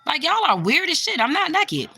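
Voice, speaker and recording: Over soft background music, a young spiritual vlogger talks on her livestream in a high-pitched, creaky, very animated voice at normal speed. She answers live chat comments bluntly, swears a lot, and breaks into loud exclamations.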